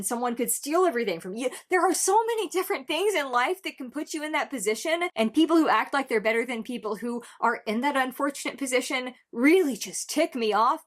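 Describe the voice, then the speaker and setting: A young adult woman hosting a music reaction video, talking in a casual, heartfelt way with sarcastic turns and restarts as she thinks aloud. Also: on the high side.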